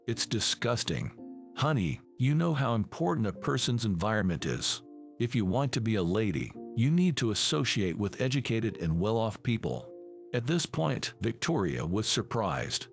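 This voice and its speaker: A man reading a dramatic family story aloud, voicing every character in the same steady narrating voice. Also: on the low side, gravelly. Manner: reads all characters in one steady voice.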